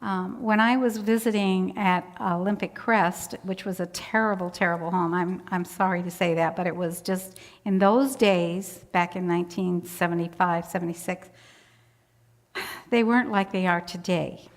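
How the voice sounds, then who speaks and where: A woman's voice: lowish voice, steady tone, normal speed. An older woman telling a personal story in an interview, chatty, laughing often as she acts out voices. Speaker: church volunteer interviewee. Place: church sanctuary. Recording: long church hall reverb.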